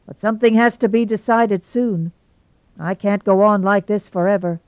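A woman's voice: medium pitch, moderate pace, dry recording, natural voice. A woman voicing a gloomy, lovesick young man, earnest and emphatic as he pours out his woes. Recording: tinny phone-like sound, dry.

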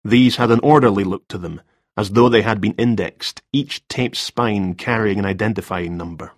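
A man narrating a crime novel audiobook in a measured, even way. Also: lowish voice, no echo, studio quality.

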